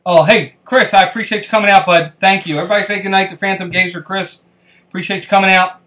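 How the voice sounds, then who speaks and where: A man's voice: high-pitched, steady tone, fast talker, pushed and bright. A man hosting a casual live stream, chatting and greeting viewers by name as he reads their comments. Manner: friendly, reassuring tone with viewers.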